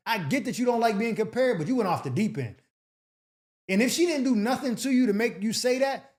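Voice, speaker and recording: A young man hosting an advice show, reading letters and riffing in slangy, animated casual talk, often acting out the people he quotes. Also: high voice.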